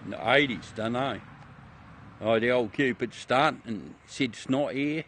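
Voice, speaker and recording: Slow-talking laid-back Aussie bloke. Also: male voice, mid-range voice, fairly bright tone, slight background noise. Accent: Australian. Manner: laid-back, chuckling, swears freely, coos to his dog. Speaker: livestream host. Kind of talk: casual rambling chat to viewers.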